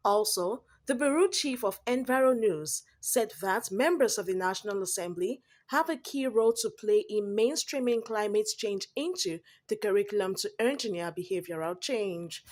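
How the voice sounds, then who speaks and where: A woman with a Nigerian accent reading a news report as voice-over in a measured way. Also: mid-range voice, expressive.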